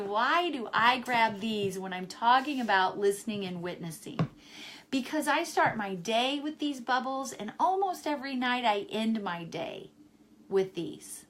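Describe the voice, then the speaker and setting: A woman speaks a little higher than most, in a warm, encouraging way, greeting viewers of her live stream from her home. She comes back to her key phrases again and again. A faint hiss of room noise runs behind her. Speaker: wellness vlogger selling essential oils. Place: home in Chicago, indoors.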